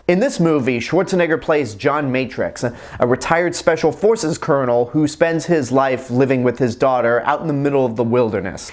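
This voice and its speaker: A man hosting a film review channel, talking casually and enthusiastically. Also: medium pitch. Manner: enthusiastic, chatty. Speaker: movie reviewer, channel host.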